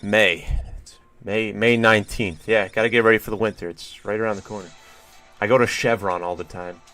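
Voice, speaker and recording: A man's voice: on the low side, fairly even intonation, normal speed, a bit bright, soft background music. A man streaming a video game, rambling wryly and swearing casually as he chats with viewers. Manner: rambling, profane, wry musing to chat. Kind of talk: casual gameplay commentary.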